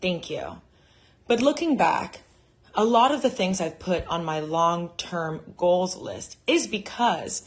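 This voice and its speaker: Lower-voiced woman doing dry stand-up. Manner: dry, self-mocking asides. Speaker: comedy show host. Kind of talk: stand-up monologue.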